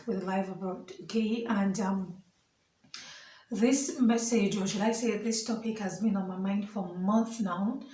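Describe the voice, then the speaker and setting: A woman's voice: medium pitch, dark tone, distant mic. Chatty Nigerian woman vlogger, roomy sound. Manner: chatty, earnest, many fillers and asides. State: standing while filming. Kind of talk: casual vlog talk to camera.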